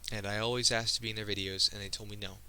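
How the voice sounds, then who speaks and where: A teenage guy talks straight to his viewers, sounding emotional. His tone is very bright and cutting, set in a fairly low register. He speaks earnestly and keeps breaking off mid-sentence to start over. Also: flat delivery, smooth, low-quality recording. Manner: earnest, halting, frequent restarts. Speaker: video creator. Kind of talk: personal vlog monologue.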